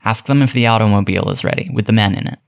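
A man reading aloud and voicing a confident male criminologist who gives crisp, commanding orders. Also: fairly low pitch, very fast. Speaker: detective giving orders.

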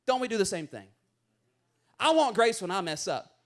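A pastor delivers a sermon in a strikingly high voice. He is animated and playful, slipping into voices for the people in his stories. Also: normal speed.

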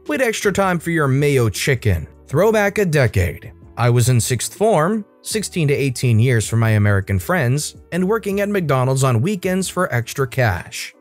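A man reading online stories aloud as a storytime channel narrator in a scripted, expressive style. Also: a little high, no echo.

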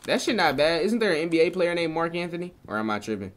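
A young man streaming a game, chatting casually with viewers in loose slang, joking and swinging between loud excited bursts and low mutters. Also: fast, a little hiss or hum. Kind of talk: casual live-stream chat while gaming.

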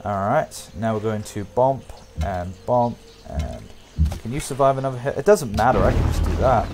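A young man casually commenting on a strategy game as he plays, thinking aloud, humming and breaking into excited outbursts for viewers. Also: lowish voice, normal speed, slight background noise. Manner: talks to himself and viewers, hums, excitable outbursts. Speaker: gameplay commentator. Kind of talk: casual let's-play commentary.

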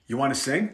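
A middle-aged man from New York playing the exasperated father in comedy skits, protesting loudly and bantering with his son. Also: mid-range voice. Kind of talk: comedic family sketch.

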